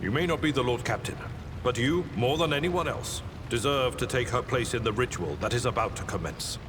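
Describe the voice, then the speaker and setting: A man's voice: mid-range voice, expressive, brisk, close to an everyday voice. A man playing a stern ship's officer. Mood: commanding. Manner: commanding, formal. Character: stern, superstitious senior man commanding a ship's bridge. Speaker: video game voice actor. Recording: distant, reverberant with noise.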